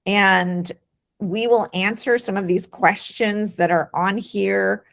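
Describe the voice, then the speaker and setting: Encouraging woman doctor with a gravelly voice. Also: medium pitch, fairly even intonation, takes it slowly. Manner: warm, encouraging, repeats words when starting a thought. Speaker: doctor hosting a health webinar. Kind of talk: casual webinar talk.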